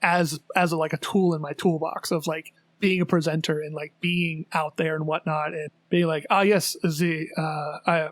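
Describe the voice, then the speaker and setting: A man co-hosting a casual podcast chat, rambling in an animated way with lots of fillers and restarts. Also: fairly high pitch, normal speed, few pauses, no echo. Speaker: podcast co-host.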